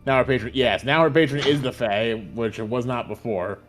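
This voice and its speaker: A man's voice: mid-range voice, brisk, faint music behind. A man playing a tabletop game, stammering and restarting his sentences often. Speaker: player. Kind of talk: casual tabletop play.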